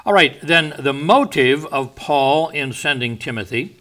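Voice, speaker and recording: A man teaching a verse-by-verse Bible study, stressing and defining key words at a measured, deliberate pace. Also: on the high side, expressive, bright, forceful tone.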